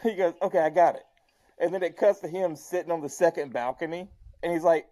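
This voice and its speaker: A podcast co-host chatting casually about a movie in a laid-back way, dropping in quick agreements and adding plot details. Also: mid-range voice, big pitch swings, a little mellow, no echo. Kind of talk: casual movie recap chat.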